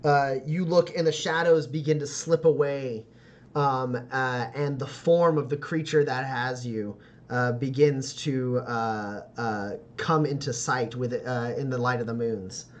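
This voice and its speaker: A man's voice: mid-range voice, steady tone, a little slow, slight background noise. A man narrating a tabletop role-playing game as game master, rambling with lots of "like" and "uh" and laughing often.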